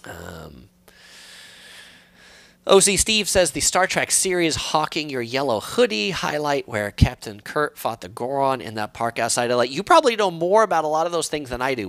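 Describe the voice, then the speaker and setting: A middle-aged man from San Diego hosts a live stream, reading out viewer comments in a relaxed, rambling way. His pitch swings widely as he talks. The sound is close and dry, with no room echo. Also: normal speed, gravelly. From San Diego, California. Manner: relaxed, chatty, reads comments aloud with many fillers. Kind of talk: casual live stream chat. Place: at home.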